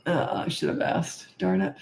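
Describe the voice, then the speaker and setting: A middle-aged woman talks parents through their questions in a frank, chatty way, often trailing off and starting over. Her voice sits on the low side and jumps up sharply when something exasperates her. The room around her is echoey. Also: normal speed, vocal fry, darkish tone. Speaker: parenting coach answering viewer questions. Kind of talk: casual Q&A advice talk.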